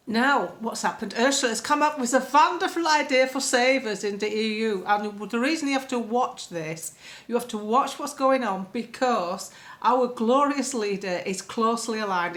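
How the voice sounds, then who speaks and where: A woman's voice: fairly high pitch, moderate pace, a bit bright. A woman giving casual political commentary, chatty and rambling, with many fillers and sarcastic asides. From England. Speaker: political vlogger.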